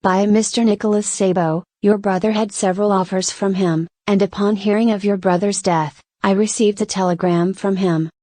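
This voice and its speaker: A woman's voice: mid-range voice, steady tone, moderate pace, few pauses, warm tone, no room sound, natural voice. A woman reading aloud as a stiff, formal male lawyer with a fussy manner.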